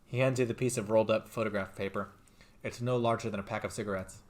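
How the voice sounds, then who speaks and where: A man streaming a game, reading its dialogue and text aloud and commenting between lines, jumping up in pitch when something excites him. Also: fast talker. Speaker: let's play streamer. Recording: faint game music behind.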